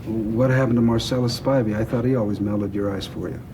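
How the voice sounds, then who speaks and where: An actor playing an older crime boss with a gruff, gravelly, blunt and profane way of talking, in a film scene. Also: male voice, lowish voice, a little fast, background noise, close to an everyday voice. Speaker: crime boss planning a heist. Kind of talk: film dialogue.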